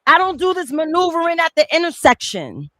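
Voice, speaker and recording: A woman's voice: extremely high pitch, sing-song, a little fast, a bit bright, dry recording. Blunt, combative woman on a dry mic. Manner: blunt, combative, profane, repeats her point. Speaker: panelist. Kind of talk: heated panel debate.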